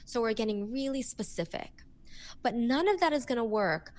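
A workplace coach speaks in a podcast interview, her fairly high voice moving at normal speed. She's animated and expressive, acting out examples as she talks.

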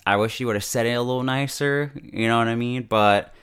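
Talking fairly quickly in a smooth, slightly bright medium-pitched voice, this show reviewer chats casually through a TV episode recap. He's full of fillers like "like" and laughs a lot.

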